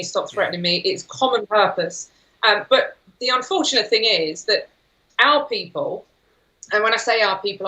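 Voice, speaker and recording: Female guest with a bright, tense edge, insistent and fluent, mid-pitched. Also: low-quality recording. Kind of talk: talk show conversation.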